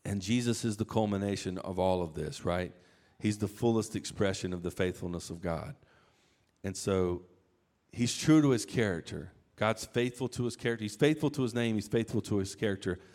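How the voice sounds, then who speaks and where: A man preaching a sermon in a conversational, animated way, acting out quoted lines. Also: lowish voice. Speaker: pastor.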